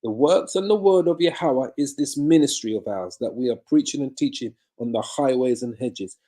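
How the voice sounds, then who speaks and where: This man's voice sits in the mid range, with a dark tone and a moderate pace. Preaching a sermon-like Bible lesson over a live video from home, he raises rhetorical questions, supplies his own answers, and drives points home by repeating phrases.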